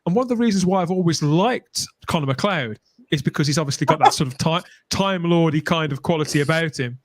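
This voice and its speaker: A man's voice: on the high side, fairly quick, noisy background. A man co-hosting a podcast, talking in an articulate, storytelling way. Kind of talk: casual chat.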